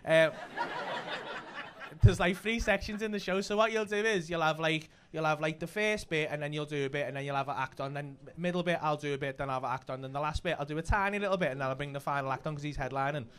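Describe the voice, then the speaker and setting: A man with a Liverpool accent, a comedian and club host telling stories in casual chat, swearing freely with rapid banter. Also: a little high, a bit bright, clear, resonant tone. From Liverpool, England.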